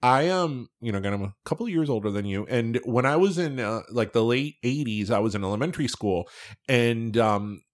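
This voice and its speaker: A man's voice: medium pitch, brisk. Easygoing Miami man, podcast host. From Miami, Florida. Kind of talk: casual podcast chat.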